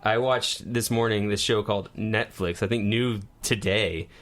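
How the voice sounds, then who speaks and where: A man's voice: on the low side, fairly even intonation, unhurried, fairly bright tone. A young man co-hosting a podcast, chatting in an easygoing way. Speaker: podcast co-host. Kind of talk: casual chat.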